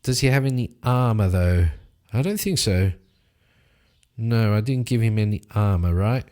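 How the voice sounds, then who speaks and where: A man narrating his solo tabletop role-playing game, telling the fight with lively sound effects. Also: on the low side, normal speed. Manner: animated storytelling with sound effects.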